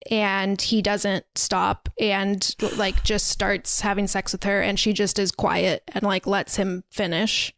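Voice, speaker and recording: A woman's voice: mid-range voice, flat delivery, takes it slowly, creaky, hardly any pauses, a bit bright, no room sound. A woman podcast co-host recapping in casual chat, rambling and full of fillers like "like" and "um". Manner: rambling, filler-heavy storytelling with lots of "like" and "um". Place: podcast recording setup.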